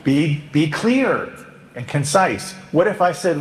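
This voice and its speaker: A man, a priest, giving a conversational sermon with jokes, acting out confessions in a lively way. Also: fairly high pitch, slow pace, noisy background. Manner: conversational, joking, acts out penitents and himself. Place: church. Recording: echoey church with long reverb.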